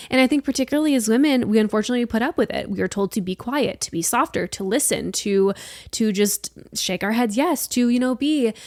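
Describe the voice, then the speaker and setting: A woman's voice: medium pitch, dry recording, studio quality. Blunt, emphatic young woman podcaster. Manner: blunt, emphatic, swears freely. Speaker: podcast host. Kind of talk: solo podcast monologue.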